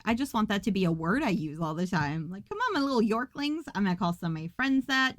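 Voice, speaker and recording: A woman's voice: medium pitch, no echo. A woman hosting a podcast, recapping a movie in a casual, rambling way with profane jokes and asides. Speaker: podcast host.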